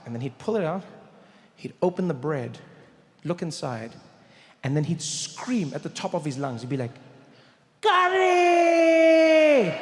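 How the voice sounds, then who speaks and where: High-voiced man telling stand-up stories. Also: a little hiss or hum. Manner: animated, acts out the voices of others. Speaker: stand-up comedian. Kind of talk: stand-up storytelling. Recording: echoey live theater hall.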